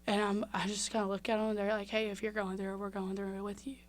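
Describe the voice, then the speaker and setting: A woman's voice: mid-range voice, little pitch movement, fast. A young woman from Mississippi, a podcast guest telling a personal story candidly with lots of fillers. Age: young adult. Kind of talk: casual interview.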